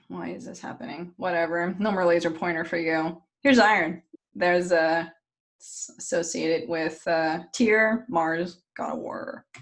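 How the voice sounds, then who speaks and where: A woman's voice: fairly low pitch, a bit bright. Jokey woman telling a story casually. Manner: loose and jokey, with fillers and profanity. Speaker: podcast host.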